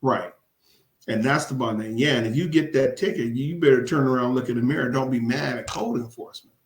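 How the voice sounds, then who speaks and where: A commissioner campaigning for a city council seat talks briskly in a medium-pitched voice. His casual interview is emphatic and full of laughter and repeated words for stress, captured in an echoey space.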